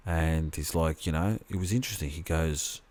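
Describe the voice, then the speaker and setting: A man's voice: extremely low pitch, moderate pace, a little mellow. A man co-hosting a podcast, rambling in casual chat with plenty of swearing and restarts. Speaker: podcast co-host.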